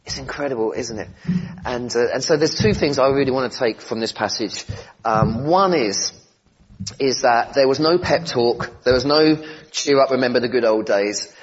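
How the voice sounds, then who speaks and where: Man preaching, husky voice, conversational, gentle humour, slightly muffled recording. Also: medium pitch, moderate pace. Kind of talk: sermon.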